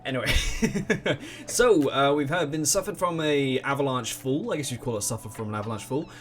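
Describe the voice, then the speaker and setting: A man's voice: medium pitch, fast. A man giving rambling, casual commentary while playing a game, swearing and laughing. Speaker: let's play host. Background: game music.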